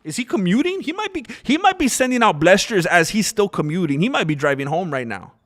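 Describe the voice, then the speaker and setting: A man hosting a casual livestream, giving opinionated, animated commentary and reading out chat messages. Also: high-pitched, a little fast. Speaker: livestream host.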